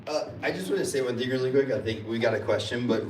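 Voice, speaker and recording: A man's voice: mid-range voice, fast. A man hosting a convention panel, telling a funny story with self-mocking laughs. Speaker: host and panelist. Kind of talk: casual panel chat. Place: convention hall. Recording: echoey hall, distant mic, audible noise.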